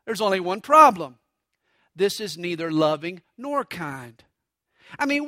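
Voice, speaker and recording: A man's voice: very high voice, pushed and bright, no room sound, studio quality. A man preaching a sermon, mixing stories and jokes with acted voices for quotes. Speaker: pastor.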